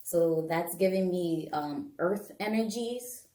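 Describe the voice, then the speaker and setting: A woman giving a casual pick-a-card tarot reading to camera, chatty and animated, laughing often and talking straight to viewers. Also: fairly low pitch, takes it slowly, echoey room. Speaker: tarot and bone-throwing reader.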